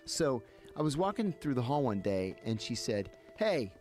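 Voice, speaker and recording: A man's voice: mid-range voice, normal speed. A man, a podcast guest, telling a story in casual talk and acting out the dialogue. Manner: animated, acts out dialogue. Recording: music playing behind.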